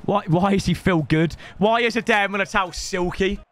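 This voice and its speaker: Young male gaming commentator, high voice, rowdy banter. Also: normal speed, soft background music. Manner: excitable, joking banter with bursts of yelling. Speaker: gaming YouTuber. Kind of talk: live gameplay commentary.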